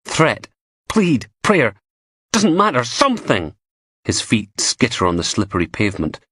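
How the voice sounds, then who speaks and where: A man's voice: mid-range voice, wildly swooping pitch, a little slow, a bit bright, husky, dry recording, clean studio sound. A man narrating a crime audiobook in a gritty, profane, darkly comic manner.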